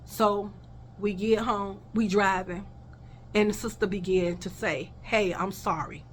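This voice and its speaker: A woman's voice: mid-range voice, fairly even intonation, a little slow, a little hiss or hum. A woman telling a personal story in a casual vlog, blunt and heated, swearing freely and talking straight to her viewers.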